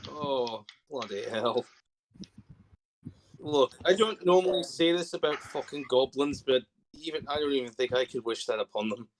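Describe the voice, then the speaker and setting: A man's voice: mid-range voice, normal speed, slight background noise, low-quality recording. A man playing a tabletop game, reacting casually and swearing. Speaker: player.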